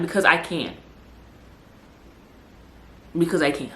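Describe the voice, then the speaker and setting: Woman, young adult, low voice, podcast host, emphatic, repetitive, slangy, roomy echo. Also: big pitch swings, normal speed, a bit bright. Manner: emphatic, repeats herself for stress, street slang. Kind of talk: casual motivational monologue. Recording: echoey room with faint background hum.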